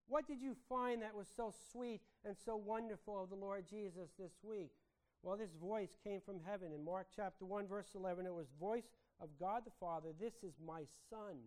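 A man with a notably high voice delivers a sermon. He speaks earnestly, often turning to the congregation with rhetorical questions. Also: darkish tone, rough recording. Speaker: preacher.

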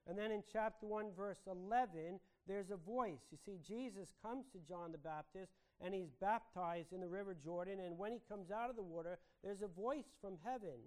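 A man's voice: sits high, moderate pace, hardly any pauses, poor audio. A man preaching a sermon to a congregation, earnest and full of rhetorical questions.

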